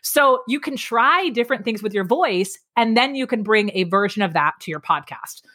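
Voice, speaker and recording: Energetic woman coaching on voice. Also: moderate pace. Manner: energetic, emphatic, varies pace and pitch. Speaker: guest speaking coach. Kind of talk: lively podcast interview.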